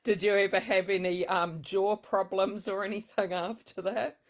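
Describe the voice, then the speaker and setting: A woman's voice: medium pitch, steady tone, normal speed. A woman hosting a book club video call, reading out audience questions and laughing often. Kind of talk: casual interview chat.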